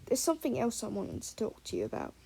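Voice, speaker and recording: A woman's voice: a little high, huge pitch swings, fast talker, gravelly, dark tone, a little hiss or hum, exaggerated voice. A woman voicing a friendly, easygoing male wizard professor, reassuring and chatty.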